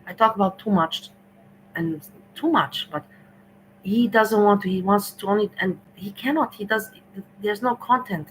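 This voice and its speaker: A woman's voice: mid-range voice, moderate pace, a little hiss or hum, rough recording. A woman hosting a livestream, ranting indignantly and scolding someone over and over. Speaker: livestream host.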